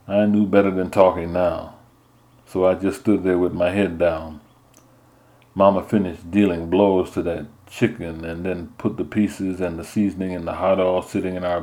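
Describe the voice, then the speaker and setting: A man narrating a first-person story in a measured storytelling manner. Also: sits low, dark tone. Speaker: audiobook narrator.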